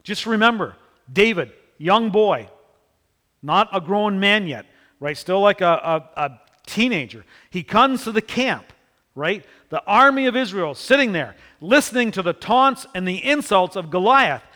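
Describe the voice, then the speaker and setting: A man preaching a sermon, telling the story in an animated way and acting out the people in it. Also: sits high, unhurried, in a large hall. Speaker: pastor.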